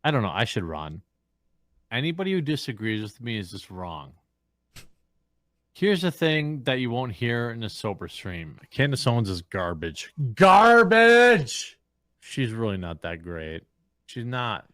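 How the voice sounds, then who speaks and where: Drunk male streamer, blunt crude rant, lowish voice, dry close sound. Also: big pitch swings, moderate pace, a bit bright, no echo. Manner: blunt, crude, emphatic ranting. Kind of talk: ranting on a livestream.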